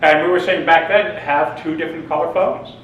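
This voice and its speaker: A man entertains a seminar audience with jokes and stories, laughing frequently. He talks a little fast in a fairly high, somewhat bright voice with fairly even intonation. The audio is dull, with slight hiss or hum, recorded from a distance in an echoey room.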